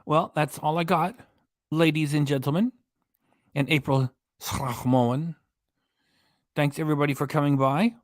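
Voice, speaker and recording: A man's voice: on the high side, steady tone, unhurried, pauses often, no echo, studio quality. A man hosting a reaction live stream in a casual, mocking way, laughing often as he talks. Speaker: reaction channel host.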